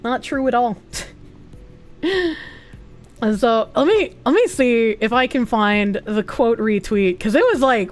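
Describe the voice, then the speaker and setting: A woman's voice: a little high, slow pace, pauses often, soft background music. A woman streamer chatting casually and bluntly as she reacts to posts, swearing freely and laughing often.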